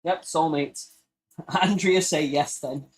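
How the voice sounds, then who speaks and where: A man's voice: fairly even intonation, takes it slowly, breathy edge. Jokey man hosting a live podcast. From United Kingdom. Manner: jokey, laughing, breaks into silly high-pitched quoted voices and singing. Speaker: podcast host. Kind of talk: casual live podcast chat.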